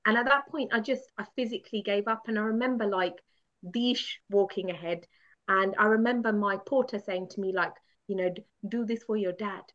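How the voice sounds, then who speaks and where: A woman guest from the UK telling a candid story with animated, laughing self-mockery. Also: medium pitch, brisk. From United Kingdom. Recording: dull lo-fi sound.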